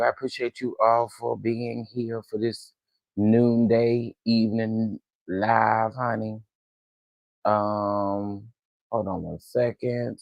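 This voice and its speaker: A man with a gravelly, creaky edge hosts a relaxed livestream, calling out viewers by name with playful, drawn-out greetings. He talks. The sound is close and dry, with no room around it. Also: fairly low pitch, dry recording. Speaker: livestream host. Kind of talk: casual livestream chat.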